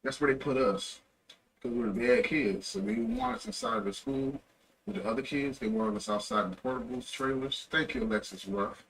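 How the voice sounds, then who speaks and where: A man's voice: mid-range voice, sing-song, moderate pace, creaky. A young man livestreaming, telling a rambling story in a loose, casual way and correcting himself as he goes. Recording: distant mic with faint ambient noise.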